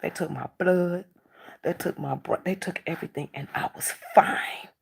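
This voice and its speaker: A woman vlogger telling a personal story to camera, emotional and repeating her phrases, her voice climbing high when upset. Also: moderate pace, gravelly, slightly rough, in a whisper.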